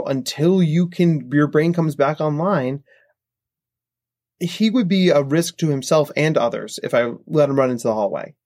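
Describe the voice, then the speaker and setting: A man's voice: medium pitch, a little mellow, dry recording, clean studio sound. A man, a psychologist guest on a podcast, explaining his points and tagging them with "right?". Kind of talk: podcast interview answers. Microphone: podcast microphone.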